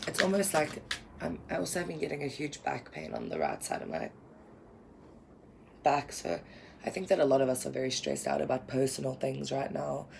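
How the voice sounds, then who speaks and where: Earnest woman with a gravelly fry. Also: extremely low pitch, very animated, moderate pace, a little mellow, slight background noise, rough recording. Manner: rambling, earnest, lots of fillers. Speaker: tarot reader. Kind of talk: spiritual tarot reading to camera.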